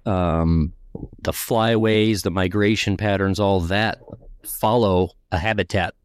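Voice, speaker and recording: Low-voiced outdoors host. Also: male voice, fairly even intonation, slow, clear, resonant tone, no echo, studio quality. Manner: explains in lists, ends points with tag questions. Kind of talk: casual conversation.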